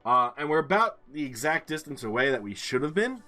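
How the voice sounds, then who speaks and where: A man's voice: fairly high pitch, sing-song, brisk, sharp tone, soft background music. A man hosting a gaming video, thinking aloud in casual commentary and swearing freely. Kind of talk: casual let's-play commentary.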